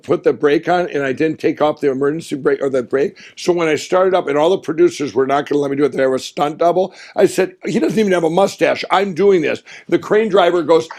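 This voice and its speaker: A middle-aged man telling animated, excitable stories as the guest in a casual interview. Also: fairly high pitch. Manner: excitable, animated storyteller with quick asides.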